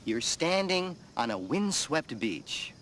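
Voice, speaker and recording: A man's voice: fairly high pitch, big pitch swings, a bit bright, exaggerated voice. A man voices a theatrical leader who stretches his words dramatically, his voice swooping widely. A faint hum of noise sits behind him. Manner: dramatic, drawn-out scene-setting.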